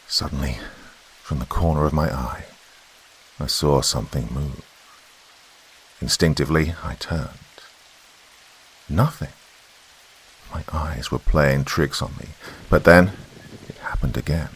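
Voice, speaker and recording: A man tells a horror story in a slow, hushed manner, his voice extremely deep and gravelly. Faint rain and hiss sit underneath the narration.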